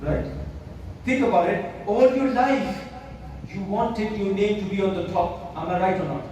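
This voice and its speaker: A man's voice: high voice, unhurried, darkish tone. A man preaching a sermon in a mosque, putting rhetorical questions to the audience and checking in with them again and again. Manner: rhetorical, keeps asking the audience "right?". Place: mosque hall. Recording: echoey mosque hall, distant mic, faint hiss.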